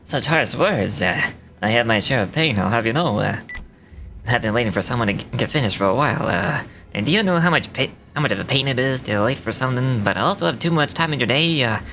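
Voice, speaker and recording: A woman voicing a pompous, fast-talking businessman from a game who lectures everyone about hustle and suffering. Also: very deep voice, lively intonation, a bit bright, slight background noise, pitched below the performer's own voice, full character voice. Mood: smug lecturing. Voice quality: smug, lecturing.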